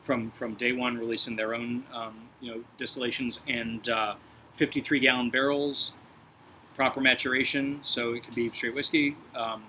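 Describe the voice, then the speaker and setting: A man with a bright, forceful voice hosts a relaxed whiskey tasting chat. He sits at a middle pitch and works through aromas and flavors in a measured, reflective way. A faint hum of room noise sits behind him. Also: rough recording. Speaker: whiskey reviewer host. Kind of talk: casual tasting review chat.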